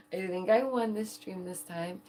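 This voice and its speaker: A woman streamer chatting casually to her viewers, giggling often and talking in an animated way. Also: medium pitch, slow pace. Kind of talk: casual livestream chat.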